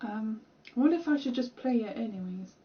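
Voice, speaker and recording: A woman's voice: a little high, expressive, a little fast, husky, muffled recording. A young British woman chatting casually and rambling while she plays a game, laughing at herself, recorded at home. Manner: rambling, chatty, self-deprecating. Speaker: gaming streamer.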